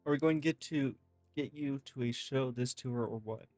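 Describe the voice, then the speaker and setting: A man reading game text messages aloud in a casual, lively way, swearing freely. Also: medium pitch, moderate pace, no room sound, faint music behind. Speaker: gaming streamer.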